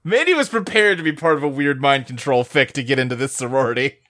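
A podcast co-host in casual chat, dropping wry asides and quick agreements. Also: medium pitch, fairly bright tone.

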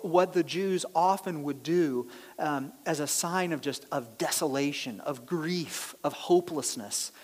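A man preaching a sermon, reading scripture aloud and acting out the characters' reactions in a lively, animated way. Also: on the high side. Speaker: pastor. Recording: long hall reverb.

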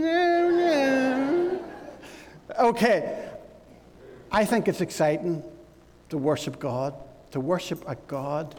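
A man leading a church service as pastor, telling a playful, animated story to children. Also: fairly high pitch, in a large hall, a little hiss or hum.

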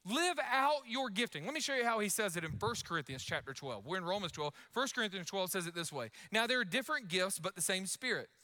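A young man preaching to his church in a loud, energetic way. His voice sits high and sounds bright and forceful. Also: fast talker, hardly any pauses. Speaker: pastor. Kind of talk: sermon.

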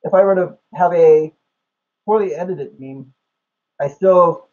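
A man's voice: a little high, measured pace, a little mellow. Rambling man on a dull lo-fi recording. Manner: rambling, with many fillers. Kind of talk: casual conversation about comedy.

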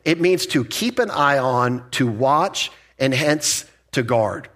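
A man's voice: mid-range voice, animated, slow pace, a bit bright. Man teaching a Bible study. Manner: conversational, emphatic, restarts and asides. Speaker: pastor.

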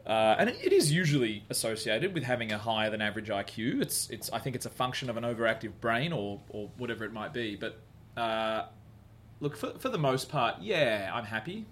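A man's voice: medium pitch, very animated, a little fast, a bit bright, a little hiss or hum. A man, a comedian, talking candidly as a podcast guest in a bar venue, rambling and self-deprecating with frequent restarts and the odd swear. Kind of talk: candid podcast interview chat.

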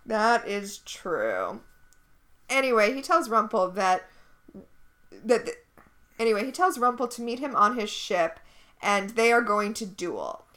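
A woman's voice: a little high, very animated, measured pace, long pauses, a bit bright. A woman co-hosting a podcast, recapping a TV episode in casual chat, blunt and sarcastic. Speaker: podcast co-host.

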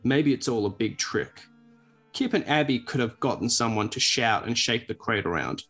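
A man reading an adventure storybook aloud with a lively delivery. His voice sits at an ordinary middle pitch for a man. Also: moderate pace, soft background music. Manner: lively read-aloud, breaks off to laugh.

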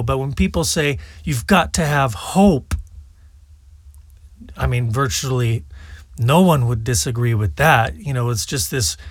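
A man's voice: mid-range voice, a bit bright, no room sound. A man hosting a political commentary show, talking casually and scornfully between played clips. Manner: scornful, mocking.

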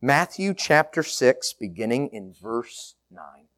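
A middle-aged male pastor giving a sermon with a slow delivery that swings between loud rises and soft, near-whispered drops. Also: mid-range voice. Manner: slow, lively, rising and falling delivery.

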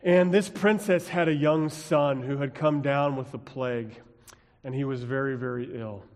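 Pastor preaching in a reverberant church. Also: male voice, medium pitch, fairly even intonation, normal speed. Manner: dramatic storytelling with quiet drops and rising emphasis. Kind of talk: sermon. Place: church sanctuary.

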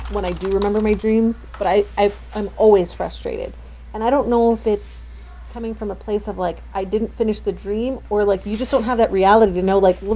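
A woman's voice: medium pitch, warm tone, a little hiss or hum, low-quality recording. A woman chatting casually and thinking aloud about dreams. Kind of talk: casual chat.

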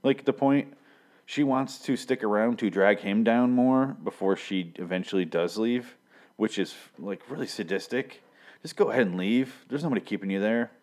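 Deep-voiced, rambling man from Michigan. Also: normal speed, a little mellow. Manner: profane, filler-heavy, self-correcting. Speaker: TV reviewer. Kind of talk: casual rambling review.

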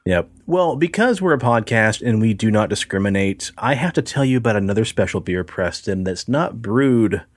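A man's voice: lowish voice, expressive, moderate pace, few pauses, no room sound. A man co-hosting a podcast, telling profane, rambling stories in casual chat with lots of filler words. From United States. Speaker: podcast co-host.

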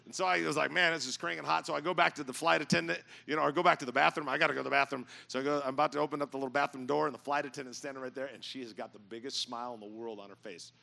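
Middle-aged man pastor, gravelly and bright, jokey animated storyteller preaching to a church crowd. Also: medium pitch, racing, hardly any pauses. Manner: animated, jokey storyteller, bursts into loud mock yelling. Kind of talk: storytelling sermon. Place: church auditorium with audience.

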